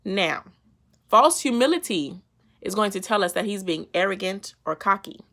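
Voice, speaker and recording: A woman hosting her own faith vlog, her voice bright with a gravelly edge. She talks in a lively, playful, slangy way and laughs often as she breaks down a Bible verse in a relaxed devotional chat. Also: mid-range voice, moderate pace. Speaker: faith vlogger. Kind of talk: casual devotional talk.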